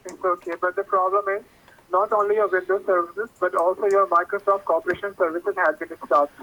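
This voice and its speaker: A man making a scripted tech support pitch over the phone, pushy and in broken English. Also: level tone, brisk. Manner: insistent, broken English phrasing. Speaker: fake tech support caller. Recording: tinny phone line.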